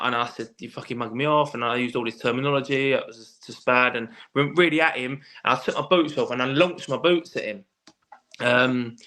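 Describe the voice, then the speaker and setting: A man telling stories in a casual podcast chat, swearing freely and restarting his sentences often. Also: medium pitch. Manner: animated storyteller, swears freely, many restarts. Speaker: guest, former footballer.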